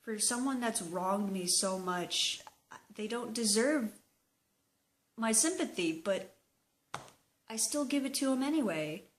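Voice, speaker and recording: A young woman talking slowly and hesitantly in a personal video diary, open and emotional. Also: fairly high pitch, lively intonation, a little hiss or hum. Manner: slow, hesitant, emotional confessional talk. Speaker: vlogger.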